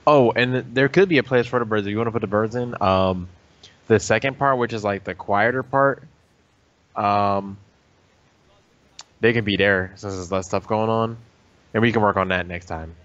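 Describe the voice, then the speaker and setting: Low-voiced man on a lo-fi stream. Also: moderate pace, pauses often, a bit bright. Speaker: host. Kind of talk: casual live-stream chat.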